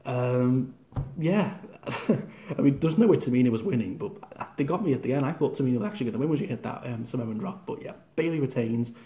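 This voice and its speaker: A man's voice: medium pitch, animated, fairly quick, warm tone. A man giving a casual, rambling wrestling review, often acting out the wrestlers' lines.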